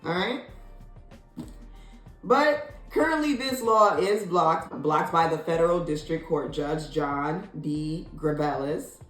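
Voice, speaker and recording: A woman vlogger from Illinois giving casual opinion commentary, sassy and expressive, leaping up in pitch when she is incredulous. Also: takes it slowly. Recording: echoey room, faint music.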